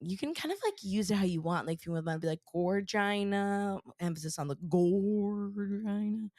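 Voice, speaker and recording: A woman co-hosting a podcast, talking in a bubbly, rambling way with plenty of fillers. She is getting over an illness, and her pitch swings widely as she chats. The recording is close and dry. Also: sing-song, very fast, darkish tone, no echo. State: sick, recovering. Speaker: podcast co-host. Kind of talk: casual chat. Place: Connecticut.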